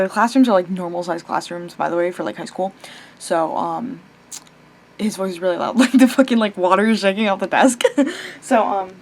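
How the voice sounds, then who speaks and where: Rambling young woman vlogging late at night. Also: mid-range voice. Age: young adult. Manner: rambling, swears casually, many fillers and restarts; chatty and animated, breaks off to talk to her pet.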